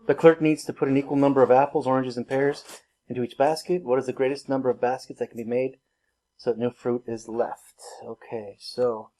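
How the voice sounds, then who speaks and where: A man's voice: medium pitch, fairly even intonation, brisk, dark tone. A man teaching a recorded math lesson, talking through each step in a casual, self-teasing way. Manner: casual, self-deprecating, laughs at himself; talks through work step by step.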